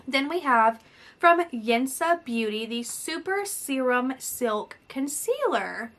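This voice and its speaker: Beauty vlogger, woman of thirty, chatty review style, crisp bright tone. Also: sits high, big pitch swings, slow. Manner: chatty, reads product blurbs aloud with asides. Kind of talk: casual product review.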